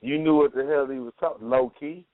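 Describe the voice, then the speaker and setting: A man's voice: medium pitch, fairly even intonation, a little fast, over a noisy crowd. A man hosting a casual podcast, teasing his co-host with profane slang. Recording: tinny lo-fi phone-like sound.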